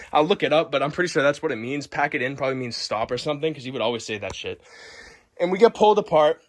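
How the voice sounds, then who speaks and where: A young man who talks very fast and sits a bit higher in pitch than most men. He tells his story boisterously, swearing constantly and acting out every move. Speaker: vlogger. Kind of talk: profane comic storytelling.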